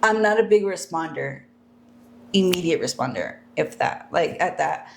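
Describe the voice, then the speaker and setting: Woman cohost with a lowish voice, reflective, gives advice, laughs a lot. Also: animated, normal speed, vocal fry, slight background noise. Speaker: podcast co-host. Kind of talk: casual chat.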